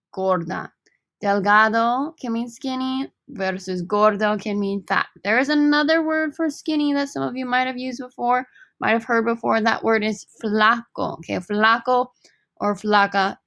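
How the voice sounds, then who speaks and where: Upbeat woman teaching Spanish, gravelly edge. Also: a little high, bright, forceful tone, dry recording, studio quality. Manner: upbeat, joking, repeats words slowly. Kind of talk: recorded slideshow lesson.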